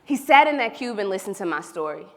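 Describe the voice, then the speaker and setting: A woman from Oklahoma, giving an animated, storytelling keynote speech and talking straight to the audience. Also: medium pitch, quick pace. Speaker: keynote speaker. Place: large hall. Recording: reverberant event hall.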